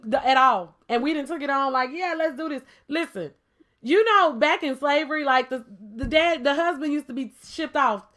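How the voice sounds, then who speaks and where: Female podcast co-host, high bright voice, emphatic, playful, rhetorical. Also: normal speed. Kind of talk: casual debate chat.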